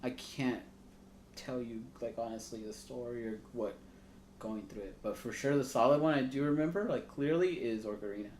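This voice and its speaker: A man's voice: mid-range voice, normal speed, darkish tone. A man co-hosting a podcast, telling rambling stories in casual chat and swearing freely. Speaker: podcast co-host. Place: podcast room. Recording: echoey room with faint noise.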